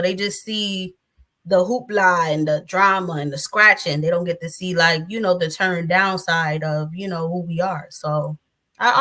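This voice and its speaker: A woman in her thirties, appearing as a guest in a casual interview, speaks bluntly and profanely and laughs often. Her voice is on the low side, with a bright, forceful tone.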